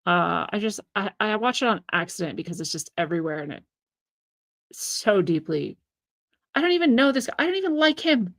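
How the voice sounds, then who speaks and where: A woman's voice: mid-range voice, big pitch swings, brisk, a bit bright. A woman giving an opinionated solo commentary, indignant and sarcastic, hammering her points with emphasis. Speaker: political commentator.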